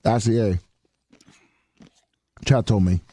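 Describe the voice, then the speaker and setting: A man's voice: fairly low pitch, fairly even intonation, slow pace, mellow, breathy edge, no room sound. A man co-hosting a radio show, goofing around and laughing at himself as he stumbles over a word. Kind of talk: playful banter on air.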